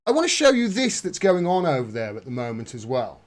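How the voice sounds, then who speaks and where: A man's slightly high voice swoops wildly in pitch as he talks fairly quickly through casual political commentary on a vlog. He is sarcastic and indignant, flaring into outbursts.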